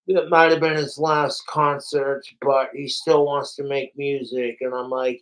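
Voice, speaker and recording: A man's voice: mid-range voice, little pitch movement, unhurried, few pauses, low-quality recording. A man livestreaming, rambling profanely and animatedly straight to his viewers in casual chat. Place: home, overnight livestream.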